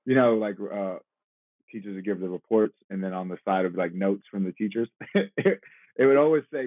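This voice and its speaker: A man's voice: on the low side, a little fast, no room sound, phone-quality sound. A man in his thirties, an actor and podcast guest, talking casually and reflectively, laughing easily. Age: 30s. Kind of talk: casual interview chat.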